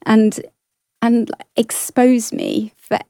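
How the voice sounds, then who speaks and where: A woman giving an earnest, halting personal testimony, often restarting her sentences. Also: fairly high pitch, wildly swooping pitch, creaky, warm tone, no echo, studio quality. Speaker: guest sharing testimony.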